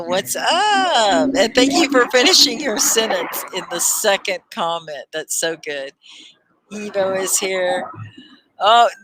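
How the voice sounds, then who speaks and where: A woman teacher leads a live online English lesson with a bright, forward tone and an unhurried, deliberate pace. She is upbeat and encouraging, and she repeats words clearly for her learners. The sound is close and dry. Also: fairly low pitch, no room sound, low-quality recording. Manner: upbeat, encouraging, laughs often, slow clear repetition. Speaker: ESL teacher and livestream host.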